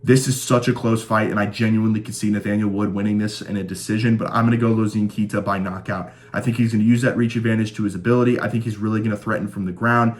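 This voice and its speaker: This fight-predictions channel host talks fast in a lowish voice, with a flat delivery and few pauses. Casual and chatty, he enthusiastically reels off stats while choosing his picks.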